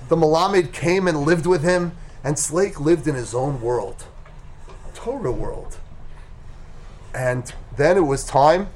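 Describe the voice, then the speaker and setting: A man teaching a Torah class, retelling a story with animated, emphatic delivery. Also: on the high side.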